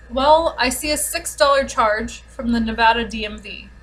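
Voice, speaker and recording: A woman telling a frustrating everyday story in a casual vlog, exasperated and sarcastic, talking fast in bursts. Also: fairly high pitch, fairly bright tone, rough recording. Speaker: vlogger. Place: home, with a dog nearby.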